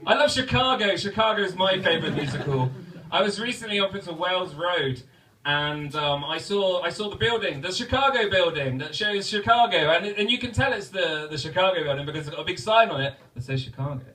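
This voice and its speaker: A man's voice: high voice, animated, brisk, hardly any pauses, bright, forceful tone, recorded from a distance, poor audio. A man doing a stand-up comedy set, self-mocking and stumbling over his words as he rambles. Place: comedy club stage.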